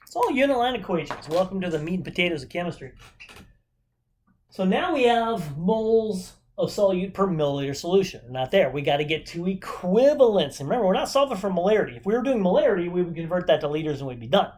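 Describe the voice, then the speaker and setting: Talking at a quick pace in a high-pitched, sing-song, slightly mellow voice, a man leads a casual recorded chemistry lesson. He's upbeat and chatty and checks in often with rhetorical questions.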